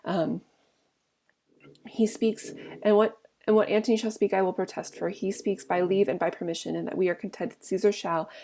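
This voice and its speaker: A woman's voice: medium pitch, steady tone, normal speed, mellow. A woman teaching a play, reading each line aloud and then paraphrasing it in plain everyday talk. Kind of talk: casual read-aloud lesson with paraphrase.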